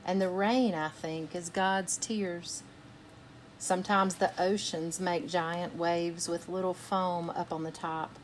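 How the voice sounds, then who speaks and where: A woman reading a picture book aloud for children's storytime, pausing to ask her young listeners gentle questions. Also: fairly low pitch, steady tone, slight background noise. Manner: gentle, asks listeners questions between passages.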